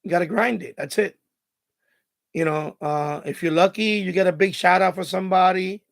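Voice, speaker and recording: A hoarse man with a raspy, heavily gravelly voice hosts a live stream in loose, casual chat. He sits fairly high for a man and sounds dry and close. He rambles through advice, leaning on "you know" and frequent restarts. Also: fairly even intonation, moderate pace, no room sound. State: hoarse, voice going after hours of talking.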